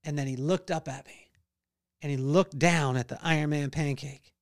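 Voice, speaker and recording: Middle-aged male podcast host, lively storyteller who acts out voices; high, smooth tone. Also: moderate pace. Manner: animated storyteller acting out voices and singing. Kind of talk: storytelling devotional talk.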